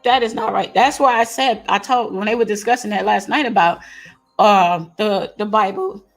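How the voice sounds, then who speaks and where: A woman's voice: medium pitch, normal speed, vocal fry, soft background music. A woman guest in a casual chat who speaks her mind emphatically and chimes in with short reactions.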